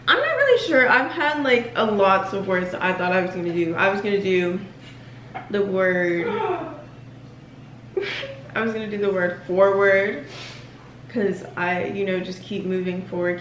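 A woman's voice: mid-range voice, a bit bright. Rambling teen girl, echoey room. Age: teenager. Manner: rambling, many fillers. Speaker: daughter. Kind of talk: casual family chat. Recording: echoey room with faint noise.

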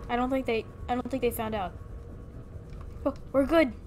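A woman's voice: on the high side, fairly even intonation, moderate pace, a little mellow, soft background music. A young woman giving playful, chatty commentary while streaming a video game, often exclaiming and talking to the creatures on screen.

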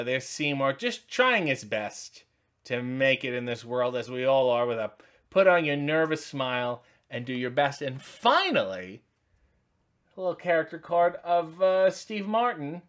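A man's voice: fairly high pitch, fairly bright tone. A man in his forties hosting a casual unboxing video, rambling with wry jokes and many asides. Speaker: channel host.

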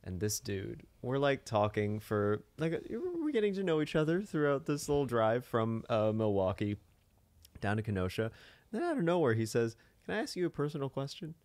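A man co-hosting a podcast who tells an animated story in casual chat and slips into voices for the people he quotes. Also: mid-range voice, moderate pace, no echo. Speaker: podcast co-host.

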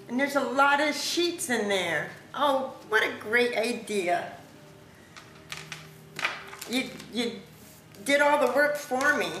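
A woman vlogger opening a craft package at home, gushing with thanks in a casual, excited chat. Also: on the high side. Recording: echoey room with background noise.

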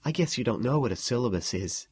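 Male narrator doing a defiant young woman student: husky, dry, coolly sardonic. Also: medium pitch, animated, quick pace, a little mellow, no echo. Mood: hushed, sardonic.

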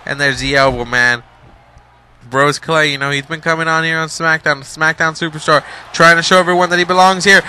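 Excitable high-voiced male play-by-play caller. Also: a little fast, a little hiss or hum, rough recording. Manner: excitable, hyped, swings between shouts and low asides; playful trash talk and slang. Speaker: wrestling game commentator. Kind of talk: play-by-play commentary.

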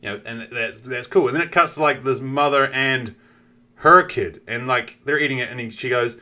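A young man with a New Zealand accent, telling a story on a game stream in a profane, animated way. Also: mid-range voice, normal speed. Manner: animated, profane, acts out the characters.

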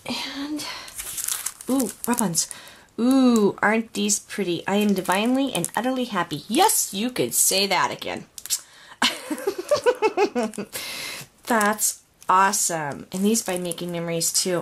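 A woman's voice: medium pitch, big pitch swings, takes it slowly, long pauses, a little hiss or hum. A woman opening a craft swap package on video, gushing and gasping with delight at each item. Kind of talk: unboxing vlog.

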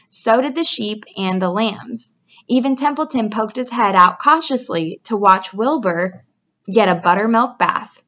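A woman teacher reading a children's book aloud to her class, expressive and adding chatty asides. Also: mid-range voice. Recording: dull lo-fi recording.

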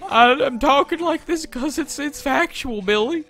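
A woman's voice: sits high, a little slow, fairly bright tone, soft background music. A woman voicing a crude, melodramatic, man-hungry mother in a survival game, with a theatrical, sing-song delivery.

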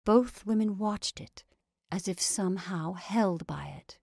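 A woman reading a story aloud in a measured, dramatic way. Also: mid-range voice, vocal fry, a little mellow, breathy edge, no echo, clean studio sound.

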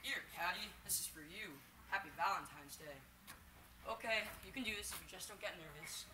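A woman's voice: fairly low pitch, normal speed, roomy sound, background noise, lightly acted. A young actress playing a nervous, gloomy little boy who pities himself, in a stage musical. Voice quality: anxious, self-pitying.

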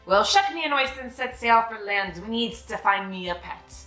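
A blustery storybook pirate captain with salty sayings, as a woman reading aloud puts him on. The voice sits fairly high and swings up and down a lot. It is heard in an echoey room with soft music underneath. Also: animated, normal speed.

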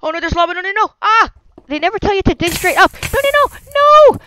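A woman hosting a gameplay video, chatting casually and crying out in excitement whenever danger strikes. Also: very high voice, quick pace, no echo, rough recording. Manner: excitable, yelps and cries of no at danger. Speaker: gaming video host. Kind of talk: casual Minecraft gameplay commentary.

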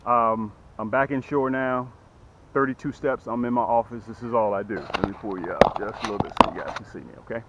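A man hosting a fishing vlog, talking casually to his viewers and calling them "guys". His voice sits in an ordinary middle register, and he gets excitable when the fish bite. Faint outdoor noise hums behind him. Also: mid-range voice, fairly quick, dull audio. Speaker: fishing vlogger. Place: on a boat outdoors, later in his office.

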